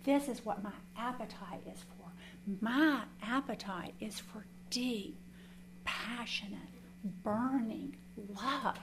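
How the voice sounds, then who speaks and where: A woman's voice: fairly high pitch, fairly bright tone, slight background noise. A woman teaching a Bible study in an earnest, conversational way, with folksy asides.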